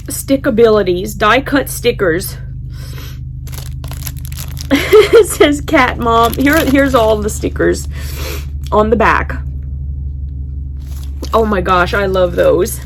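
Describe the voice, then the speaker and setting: A woman's voice: fairly high pitch, animated, takes it slowly, long pauses, a little hiss or hum. A woman vlogging casually as she unwraps gifts, gushing and exclaiming often. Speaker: quilting vlogger. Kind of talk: casual vlog, unboxing gifts.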